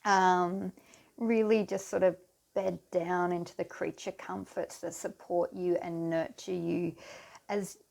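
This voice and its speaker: Slow, gravelly-voiced woman reading tarot. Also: fairly low pitch, flat delivery, a little mellow. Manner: unhurried, soothing, addresses viewers directly. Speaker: tarot card reader. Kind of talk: pick-a-card tarot reading to camera.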